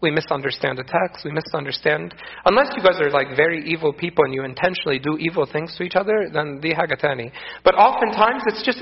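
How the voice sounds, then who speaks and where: A man's voice: high-pitched, lively intonation, brisk. A man preaching a sermon, earnest and repeating phrases for emphasis. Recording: echoey, dull lo-fi room sound.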